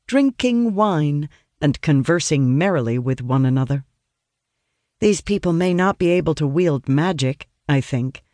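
A man reading a fantasy story aloud in a steady storytelling manner. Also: fairly high pitch, no echo, studio quality. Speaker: audiobook narrator. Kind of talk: scripted fantasy narration.

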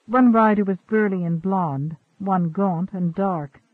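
High-voiced man narrating over tinny radio. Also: measured pace, dry recording. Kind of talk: scripted story narration.

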